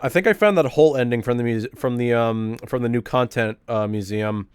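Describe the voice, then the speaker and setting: A man's voice: medium pitch, brisk, clear, resonant tone, no echo, clean studio sound. A young man casually commenting on a game during a live stream, chatty and swearing often. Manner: chatty, profane, laughing often.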